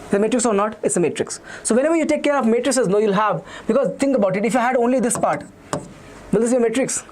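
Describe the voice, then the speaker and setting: A very high-pitched young tutor with an Indian English accent runs a live online maths revision session. He speaks quickly and repetitively and reads out comments from students' chat.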